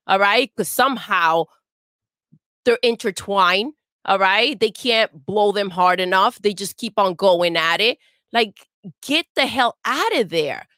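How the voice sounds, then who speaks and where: A woman's voice: medium pitch, pushed and bright, dry recording, studio quality. A woman co-hosting a casual gaming show, ranting in a fired-up, profane way with repeated jabs. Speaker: co-host. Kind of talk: heated gaming rant, casual chat.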